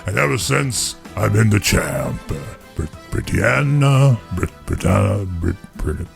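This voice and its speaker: A man doing a gravelly punch-drunk old boxer. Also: on the low side, big pitch swings, a little slow, music in the background, pitched below the performer's own voice, heavily acted. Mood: bumbling. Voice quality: gravelly, stumbles over words. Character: punch-drunk old male boxing champ, bumbling.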